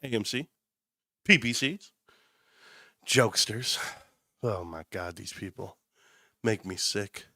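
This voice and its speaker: Bright-voiced male stream host with a cold. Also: on the low side, slow pace, pauses often, dry recording, studio quality. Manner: rambling, animated storytelling. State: sick with a sinus cold. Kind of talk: casual live-stream talk.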